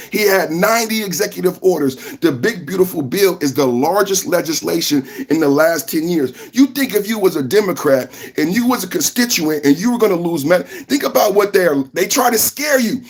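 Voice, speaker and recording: A man hosting a political reaction podcast, talking emphatically, repeating lines and breaking into shouts. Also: high-pitched, breathy edge. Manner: emphatic, repetitive, bursts into shouting. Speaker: podcast host.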